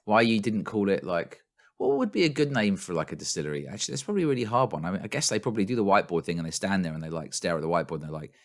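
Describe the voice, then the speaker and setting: Male podcast co-host, very low pitch, rambling animated storyteller. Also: rapid-fire. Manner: animated, rambling storyteller who laughs often. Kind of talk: casual chat. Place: home in London.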